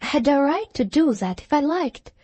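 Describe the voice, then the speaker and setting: A woman's voice: sits high, lively intonation, normal speed, dark tone, dry recording. A woman reading an audiobook, voicing a vehement young woman in hysterics who pleads and insists frantically. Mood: frantic.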